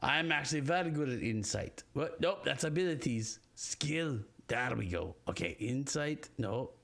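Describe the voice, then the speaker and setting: A man at a tabletop game who talks in fits and starts and stammers over his words. His pitch swings widely. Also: animated, creaky, a bit bright. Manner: stammering, halting, with restarts. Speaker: player. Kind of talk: playing a tabletop game in character.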